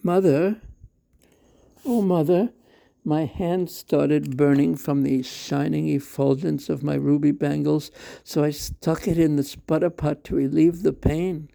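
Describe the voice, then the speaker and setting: A man's voice: fairly high pitch, fairly even intonation, measured pace, vocal fry, warm tone. A man voicing the mischievous little boy Krishna in a storytelling reading, pleading and clever.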